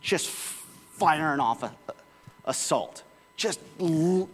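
A man's voice: on the high side, lively intonation, slow, pauses often, a bit bright, in a large hall. A male pastor preaching a sermon in a casual, conversational way, with sudden bursts of volume.

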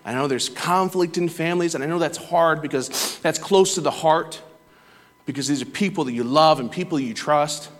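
A man's voice: on the high side, moderate pace. Man, lay preacher, earnest conversational sermon, church, long hall reverb. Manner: earnest, conversational, with quoted voices and laughter. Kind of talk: sermon with personal stories.

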